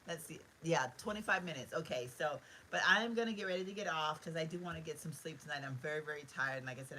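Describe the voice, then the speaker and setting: This deep, sharp-toned voice belongs to a middle-aged vlogger talking to viewers in a casual live stream from her home bedroom. She rambles warmly and sincerely, over poor audio with a bit of background noise.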